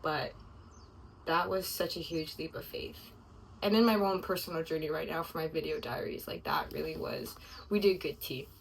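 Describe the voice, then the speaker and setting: A woman's voice: sits low, fairly even intonation, normal speed, creaky, recorded from a distance, a little hiss or hum, rough recording. A young woman sharing a casual, confessional video diary, emotional and rambling, her thoughts full of "like". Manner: emotional, rambling, heavy use of "like". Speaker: vlogger.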